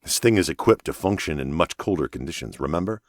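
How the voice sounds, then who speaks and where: A calm, cool-headed male captain, as a narrator puts him on in an audiobook thriller. His orders come firm and commanding, in a very deep voice recorded close and dry. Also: fast talker, dry recording. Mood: steady. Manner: firm, commanding radio calls. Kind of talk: audiobook character voice.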